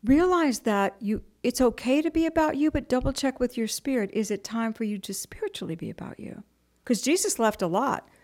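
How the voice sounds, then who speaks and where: A middle-aged woman giving a spiritual talk to a group in a chatty storytelling manner, acting out other people's voices and dropping into soft whispers on key points. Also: medium pitch. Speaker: spiritual teacher.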